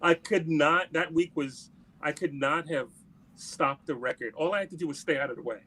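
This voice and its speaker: A man speaking in a fairly high voice tells a long anecdote during an interview. He talks casually and acts out the dialogue of everyone involved in the story. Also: moderate pace, slightly rough. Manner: animated anecdote-telling, acts out quoted dialogue. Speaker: musician guest.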